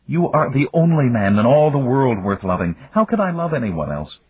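A fragile young woman, soft, breathless and uncertain, as a man reading the story puts her on. Her voice carries a husky grain and swings widely in pitch. It sounds dry and a little dull, as if read close to the mic. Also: very animated, normal speed, dry recording. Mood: frightened pleading.

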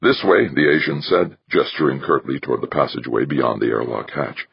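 A man narrating an audiobook in a measured, steady reading. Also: rumbling low, creaky, slightly rough, no echo, highs cut off. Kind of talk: scripted narration.

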